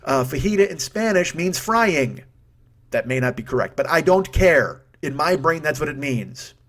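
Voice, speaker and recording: A man in his fifties telling a long comic story on his podcast, profane and rambling, cutting himself off and restarting, then bursting into loud rants. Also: fairly high pitch, very animated, moderate pace. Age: 50s. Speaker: podcast host. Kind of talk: comedic storytelling monologue.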